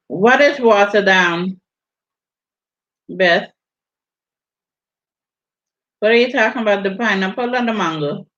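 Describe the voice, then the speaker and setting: Woman host, Virgin Islands accent, unhurried chatty teasing delivery, lo-fi audio. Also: medium pitch, a bit bright. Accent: Virgin Islands Caribbean. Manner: chatty, teasing, laughs often. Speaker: vlogger hosting a live stream. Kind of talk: casual chat reading viewer comments. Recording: dull lo-fi audio.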